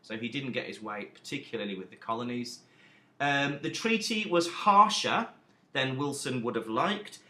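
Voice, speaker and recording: A man teaching a recorded history lesson, emphatic and lively, with self-deprecating asides. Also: medium pitch, normal speed, echoey room.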